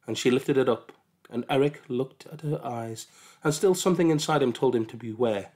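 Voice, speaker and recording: Male storyteller, calm measured storybook read-aloud. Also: mid-range voice.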